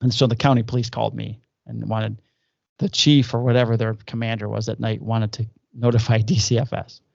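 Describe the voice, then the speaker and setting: A man's voice: fairly low pitch, fairly quick, creaky, no echo, muffled recording. A man, a police officer co-hosting a podcast, telling profane stories in casual chat. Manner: profane, animated anecdote telling with acted quotes.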